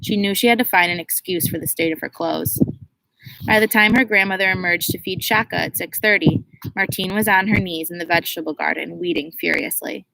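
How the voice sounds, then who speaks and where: A woman narrating a children's novel in a steady, expressive reading voice. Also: on the low side, brisk, vocal fry, a little hiss or hum, rough recording. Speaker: audiobook narrator. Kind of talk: scripted storybook narration.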